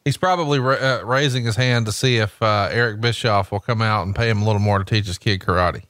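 A man doing wrestling color commentary, deadpan and joking, slipping in made-up answers with a straight face. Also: fairly low pitch, fast talker, dry recording, studio quality.

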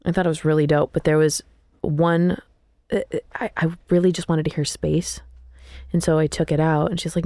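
A young woman songwriter talking casually in an interview, animated and candid. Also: deep voice, brisk, no echo, studio quality. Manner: animated, sings snippets of lyrics mid-sentence. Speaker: songwriter guest.

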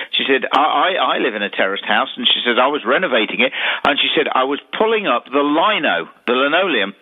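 Guy telling ghost stories on a tinny phone line, kinda high voice, repeats himself a lot. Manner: animated storyteller, repeats words.

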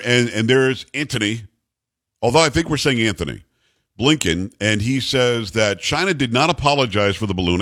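A man's voice: medium pitch, fairly bright tone, no room sound. A man hosting a talk radio show in a studio, joking and teasing his co-host in casual, rambling banter.

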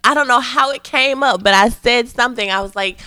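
A woman co-hosting a podcast, telling a story in expressive casual chat and laughing easily. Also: on the high side, a little fast, no echo. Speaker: podcast co-host.

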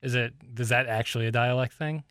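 A man's voice: medium pitch, fairly even intonation, brisk, fairly bright tone, clear, resonant tone, no room sound. A man co-hosting a sports radio show, with dry, joking asides and short acknowledgments. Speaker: radio co-host. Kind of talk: casual sports radio banter.

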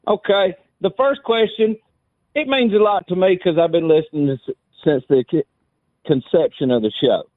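Mocking caller on a phone line. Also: male voice, high voice, moderate pace, no echo. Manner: mocking, sing-song repeated "hey". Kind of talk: trash-talking call-in banter. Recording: dry tinny phone line.

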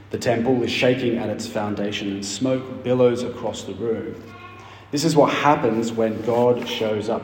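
In a church hall with long, roomy reverb, a man gives a sermon, reading scripture and explaining it emphatically with dramatic pauses. His voice is middling in pitch and a bit dark, with slight background noise.

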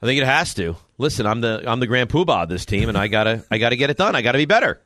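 A man's voice: mid-range voice, very fast, dry recording, clean studio sound. A man co-hosting a casual chat, telling self-mocking stories about coaching a youth basketball team. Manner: animated, self-mocking storytelling.

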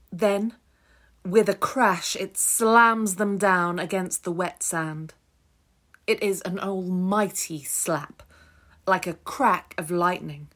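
A woman narrating an audiobook extract in a measured, descriptive storytelling manner. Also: fairly low pitch, fairly bright tone. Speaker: audiobook reader. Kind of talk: scripted narration.

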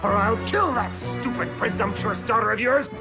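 An actor playing a menacing villain who sneers threats with scornful contempt. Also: male voice, sits high, moderate pace, vocal fry. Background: music.

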